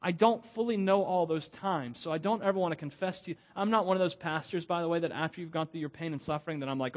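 Man, pastor, middle-aged, conversational sermon, slightly high voice, laughs easily. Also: quick pace, hardly any pauses. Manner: conversational, self-deprecating, laughs often.

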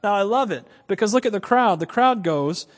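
High-voiced man preaching in an echoey hall. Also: a little fast. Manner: animated, chuckling, repeating lines for emphasis. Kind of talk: sermon. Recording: long reverb of a large hall.

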